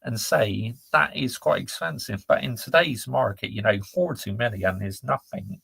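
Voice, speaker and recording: A man's voice: mid-range voice, moderate pace, gravelly, fairly bright tone, slightly rough, dry recording. A man hosting a casual live stream, reading out chat and ranting bluntly in laddish slang. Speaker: football channel host reading live chat.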